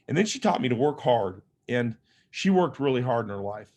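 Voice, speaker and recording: A man's voice: mid-range voice, sing-song, fairly quick, a little mellow. A man telling stories in a keynote talk. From Las Vegas, Nevada, USA. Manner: humorous, conversational, self-deprecating storyteller. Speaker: motivational speaker and author.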